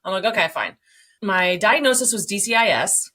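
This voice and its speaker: A woman in her forties telling her story as a podcast guest, animated, acting out quoted dialogue, swearing and laughing along the way. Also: mid-range voice, moderate pace. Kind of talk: candid storytelling.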